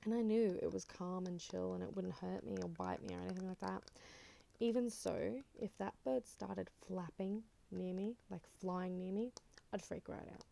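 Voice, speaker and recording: Gravelly soft-spoken Australian woman. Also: medium pitch, a little hiss or hum. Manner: rambling, chatty, drifting in and out of whisper. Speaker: ASMR creator. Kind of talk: soft-spoken ASMR chat.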